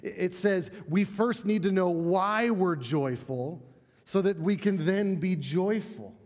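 Man, pastor mid-sermon, slightly high voice, emphatic delivery with restarts, long church reverb. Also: takes it slowly. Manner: animated, emphatic, repeats words when building a point. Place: church sanctuary.

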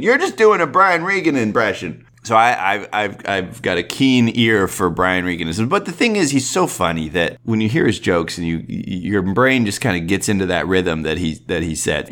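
A man's voice: fairly low pitch, a bit bright. A man in his thirties hosting a podcast, chatting casually in a rambling, self-deprecating way. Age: 30s. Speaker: podcast host. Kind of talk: casual chat.

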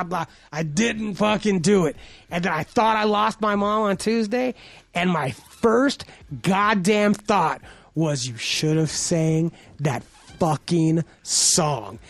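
A man's voice: sits high, gravelly, no room sound. A man co-hosting a podcast, telling a personal story in a casual, profane, rambling way. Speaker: podcast co-host. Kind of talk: casual chat.

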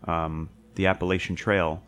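A young man with a very deep voice talks loosely in a casual chat. He rambles through his story with lots of fillers and restarts, and he swears freely. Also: little pitch movement, moderate pace, a bit bright, clear, resonant tone. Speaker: podcast co-host recounting a hiking trip.

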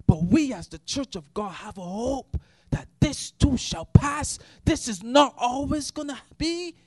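A man preaching an impassioned sermon, swinging between shouted praise and hushed, quiet passages. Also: very high-pitched, animated, measured pace, dry recording.

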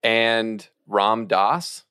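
A man co-hosting an interview, reading out facts flatly and without fuss. His voice is smooth and resonant. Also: on the low side, drawn-out words. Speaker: podcast co-host.

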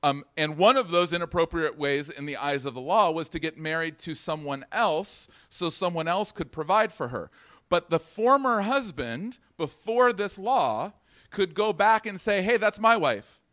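A pastor with a fairly high voice, preaching casually. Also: male voice, expressive, moderate pace, a bit bright. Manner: conversational teaching with asides to the congregation. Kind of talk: sermon.

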